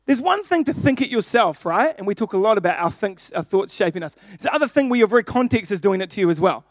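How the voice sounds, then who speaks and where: A man's voice: sits high, animated, fast talker, no echo, clean studio sound. A young adult man preaching a sermon, playful and jokey, talking directly to his congregation.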